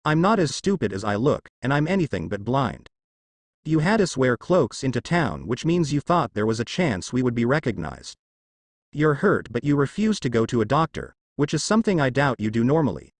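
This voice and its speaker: A man's voice: medium pitch, sing-song, moderate pace, no echo. A man reading a story aloud and voicing a brash, cocky teenage ninja who talks bluntly and teases. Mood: sharp-witted.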